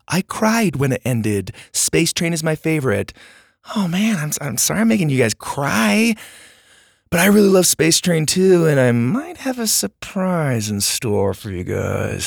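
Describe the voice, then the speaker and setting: A man's voice: medium pitch, gravelly, no echo, studio quality. A man hosting a podcast, chatting casually with listeners in an upbeat, gushing way as he thanks them. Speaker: podcast host. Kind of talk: casual outro chat with listeners.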